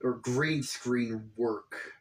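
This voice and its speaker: A man's voice: mid-range voice, very slow. A man giving casual, profane reaction commentary on a video, exasperated and rambling.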